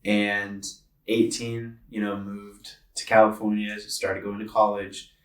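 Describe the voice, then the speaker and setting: A man's voice: on the low side, completely flat delivery, slow, fairly bright tone, recorded from a distance. A man in his twenties telling a personal story on a podcast, earnest and rambling with lots of filler words. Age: 20s. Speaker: podcast co-host. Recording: roomy sound from away from the mic.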